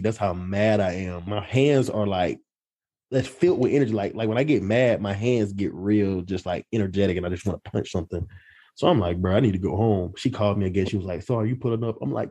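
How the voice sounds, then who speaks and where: A man's voice: on the low side, breathy edge. A young man telling a story in casual chat with friends, acting out the voices of the people in it. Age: young adult. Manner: animated storytelling, mimics others' voices.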